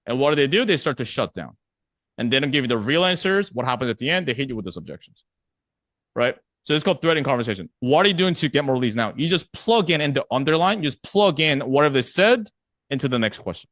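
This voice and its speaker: A man coaching a live online sales class, his pitch swinging up and down with lots of life. He talks casually, slips into the voices of prospects, and keeps checking in with his listeners. The sound is dry and close, with almost no room echo. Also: lively intonation, fast talker, a bit bright. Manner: conversational, acts out prospect replies, checks in with "right?".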